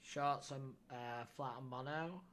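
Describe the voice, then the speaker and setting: Young man, casual streamer chat, thinks aloud, self-deprecating, mid pitch, bright tone. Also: slow pace, a little hiss or hum.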